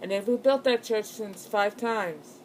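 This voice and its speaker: A woman's voice: medium pitch, a little slow, slight background noise, low-quality recording. A young woman telling a personal ghost story in a casual, rambling way, full of fillers and restarts. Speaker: channel host.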